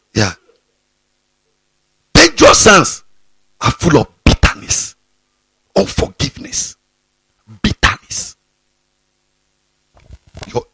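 A man's voice: mid-range voice, sharp tone, breathy edge, dry recording. A man, preaching a fiery, scolding sermon to students and often repeating himself. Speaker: pastor.

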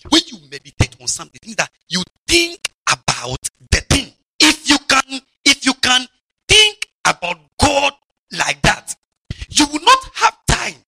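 A man preaching a lively, mocking sermon to children, shouting and drawling words for emphasis. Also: a little high, gravelly, slightly rough, no room sound.

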